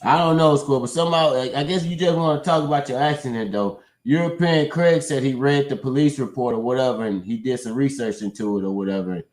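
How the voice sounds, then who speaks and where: A man's voice: medium pitch, fairly quick, hardly any pauses. Skeptical man on a roomy livestream. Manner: animated, skeptical, swears freely. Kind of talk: casual livestream chat. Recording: roomy, echoey recording.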